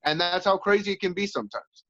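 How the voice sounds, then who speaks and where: A man, a coach and former fighter, chatting as an interview guest in an animated way, acting out inner voices. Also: high voice, quick pace. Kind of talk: casual interview chat. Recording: dull lo-fi audio.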